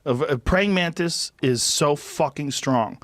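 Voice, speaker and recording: A man's voice: fairly high pitch, slow, dry recording, studio quality. A man hosting a podcast, telling vivid stories in casual chat with lots of swearing and emphatic repetition. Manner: animated, profane storytelling. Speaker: podcast host.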